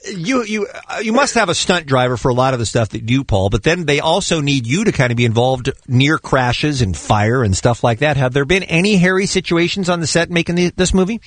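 A male radio host with a lively, bouncing voice talks fast and eagerly, firing off questions to his guest. The sound is dry and close. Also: on the high side, dry recording. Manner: chatty, enthusiastic questioner. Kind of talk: radio interview.

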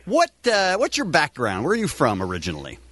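A man's voice: a little high, wildly swooping pitch, brisk, a bit bright. A male radio host in a studio, teasing a guest with incredulous, laughing questions. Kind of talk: morning radio banter. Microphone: studio mic.

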